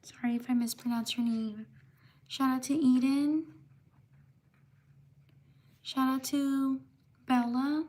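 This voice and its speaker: A woman hosting a craft livestream, steadily giving shout-outs to viewers in the chat and apologizing when she mispronounces their names. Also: high-pitched, fairly even intonation, takes it slowly, long pauses. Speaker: livestream host.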